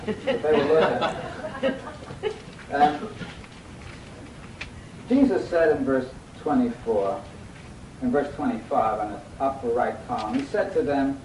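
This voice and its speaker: A man's voice: measured pace, long pauses. A man preaching a sermon, reading scripture aloud and quizzing his listeners to finish the verses. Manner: acts out lively quoted voices. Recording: echoey hall, mic at a distance, faint rumble.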